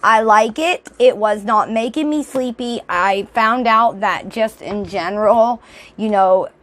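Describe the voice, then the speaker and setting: A woman's voice: on the high side, measured pace, a bit bright. A young adult woman vlogging in casual chat, rambling with fillers while showing products, her voice a little off and throaty. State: voice slightly off, throat clearing.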